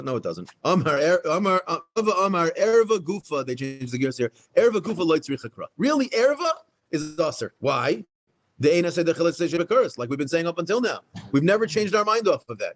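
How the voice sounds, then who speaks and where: Fast, animated man teaching Talmud. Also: mid-range voice, rough recording. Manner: animated, restates points, fast and emphatic. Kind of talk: Daf Yomi Talmud class. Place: synagogue study hall, in front of a small class.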